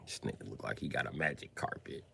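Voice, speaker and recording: A man telling stand-up stories on a livestream, profane and animated with sudden loud jumps. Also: extremely low pitch, quick pace, vocal fry, a little hiss or hum. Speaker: comedian on a livestream. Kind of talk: stand-up storytelling.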